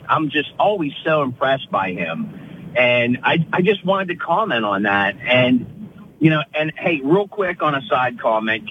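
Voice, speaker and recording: A man calling into a radio show, rambling and saying "you know" constantly. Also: mid-range voice. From Pittsburgh area. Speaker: caller. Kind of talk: call-in phone chat. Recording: dull lo-fi phone call with faint noise.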